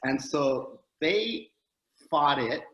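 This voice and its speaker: Profane, animated man telling a story. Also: a little high, extremely slow, roomy sound, rough recording. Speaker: guest comedian. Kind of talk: casual storytelling chat.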